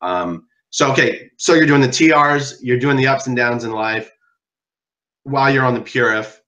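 A man runs a relaxed interview with a bright, forward tone. He sums up points and jumps in with follow-up questions in an easy, conversational way. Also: mid-range voice, normal speed, recorded from a distance, lo-fi sound. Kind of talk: casual interview.

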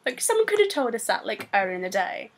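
A young woman with a British accent, telling a story to camera in a rambling, excitable way full of fillers. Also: fairly high pitch, fast talker, breathy edge. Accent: British English. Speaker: vlogger.

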